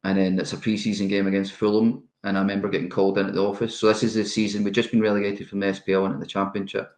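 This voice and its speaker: A middle-aged Scottish man with a low voice tells anecdotes from his playing days, with a lively, laughing delivery. The sound is roomy and echoey around him. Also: rapid-fire. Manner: animated anecdote telling with laughs. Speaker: guest, former footballer. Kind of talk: casual storytelling interview.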